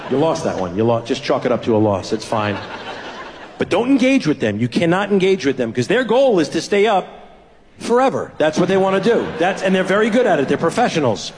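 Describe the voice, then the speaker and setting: A man's voice: mid-range voice, a little mellow, in a large hall, slight background noise. A man doing a self-deprecating stand-up routine, telling family stories and acting out the dialogue. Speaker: stand-up comedian.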